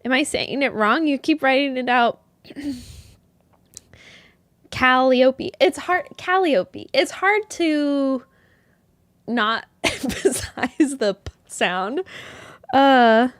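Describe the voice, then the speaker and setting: A woman hosting a live yarn show in casual chat, bubbly and quick to laugh at herself, rambling with lots of restarts. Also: sits high, lively intonation, dry recording.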